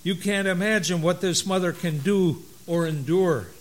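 A man voicing God as a busy, excited creator, talking in a raised, animated voice. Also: high-pitched, moderate pace, pitched above the performer's own voice, lightly acted.

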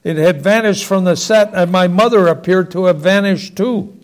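A man's voice: sits high, normal speed. A man reading a Christmas-style family story aloud as narrator.

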